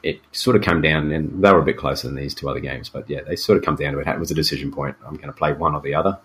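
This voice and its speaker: A man's voice: extremely low pitch, fairly even intonation, racing, a bit bright. An Australian man co-hosting a podcast, chatting casually about games in a loose, rambling way with plenty of fillers. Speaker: podcast co-host. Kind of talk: casual gaming chat.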